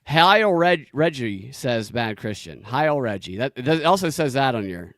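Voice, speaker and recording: A man hosting a streamed comedy talk show, needling his guest with teasing, deadpan questions. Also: medium pitch, moderate pace, no echo, clean studio sound. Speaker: streamer host. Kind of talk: casual comedic chat.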